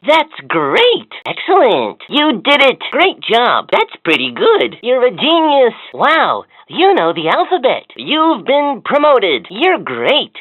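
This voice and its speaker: A cheerful talking learning toy, chatty and encouraging, with a giggly joke-telling manner. Its voice leaps all over in a sing-song way. It comes through tinny and completely dry, like a small toy speaker. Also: female voice, fairly high pitch, huge pitch swings, slow, few pauses, dry recording, heavily acted. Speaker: voice of a children's educational toy. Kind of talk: scripted toy voice lines.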